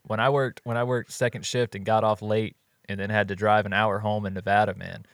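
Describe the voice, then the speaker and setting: A laid-back man co-hosting a podcast, his voice low and easy. He chats casually and sometimes gets animated when he tells a story. The sound is dry and close, with no room around it. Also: fairly quick, dry recording. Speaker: podcast co-host. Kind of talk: casual podcast chat and ad read.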